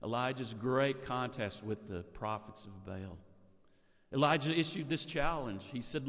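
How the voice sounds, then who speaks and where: A man preaching a sermon, telling the story with rhetorical questions and frequent restarts. His pitch is ordinary for a man. A long reverb from a large hall follows his words. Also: measured pace, fairly bright tone.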